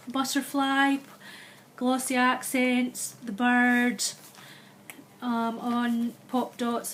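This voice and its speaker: A Scottish woman casually walking through her handmade album, chatty and unhurried, often pausing to find the right word. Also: on the high side, slight background noise. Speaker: crafter showing a handmade album. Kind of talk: casual show-and-tell walkthrough.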